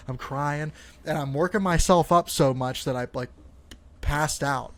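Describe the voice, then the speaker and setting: A man's voice: on the high side, normal speed, a bit bright. A young man co-hosting a casual podcast, telling a rambling story full of "like" and cursing. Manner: rambling storyteller, swears freely, many fillers like "like". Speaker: podcast co-host.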